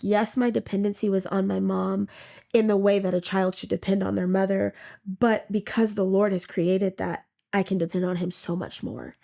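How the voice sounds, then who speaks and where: A woman gives a personal faith testimony, heartfelt and halting, restarting and repeating words and occasionally acting out things she once said. Her voice has an ordinary pitch, a warm tone, and some vocal fry.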